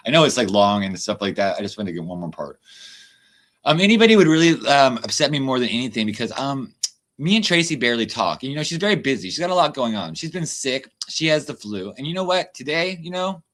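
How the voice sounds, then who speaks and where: A man's voice: mid-range voice, animated, a bit bright. A man hosting a livestream, ranting in a casual, heated way with lots of swearing and exasperated asides. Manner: profane, fast-shifting, exasperated. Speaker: livestream host.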